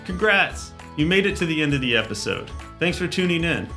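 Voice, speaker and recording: A man's voice: on the high side, very animated, brisk, over loud music. A man hosting a leadership podcast who chats casually, then reads the closing lines. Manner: easygoing, wraps up the episode. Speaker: podcast host. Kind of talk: casual chat and scripted outro.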